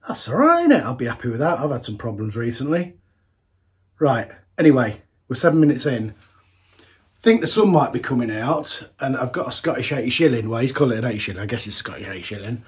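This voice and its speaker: A man's voice: medium pitch, animated, quick pace. A man in a casual beer-tasting vlog, chatty and rambling, often correcting himself mid-sentence. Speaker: homebrewer reviewing beers.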